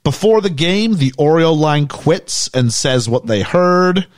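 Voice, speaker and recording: Man, podcast host, lively pitch, dry close sound, jokey recap. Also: a little slow, no room sound. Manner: animated, jokey storytelling. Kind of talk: casual chat.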